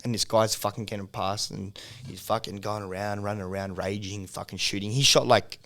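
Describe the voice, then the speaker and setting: A man's voice: fairly low pitch, fairly even intonation, fairly quick, a bit bright. An Australian man, a music video producer, tells a story on a casual podcast, swearing freely and rambling with frequent laughs. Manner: profane, rambling, laughs often.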